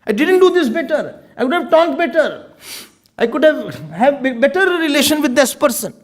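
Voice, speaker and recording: A male swami delivers a sermon in a remarkably high voice. His pitch swings widely as he teaches, and he often breaks into chuckles. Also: normal speed. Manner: animated teaching, often laughing, mixing in Hindi and Sanskrit terms. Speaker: swami giving a spiritual talk.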